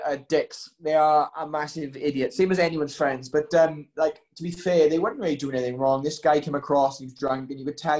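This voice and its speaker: Fast-talking young man, rambling. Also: on the high side, a little mellow. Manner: rambling, many ums and likes. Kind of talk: casual storytelling chat.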